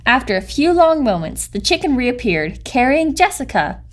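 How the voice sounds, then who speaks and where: A woman reading a children's picture book aloud with gentle, expressive storytelling. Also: on the high side, moderate pace. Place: recording studio.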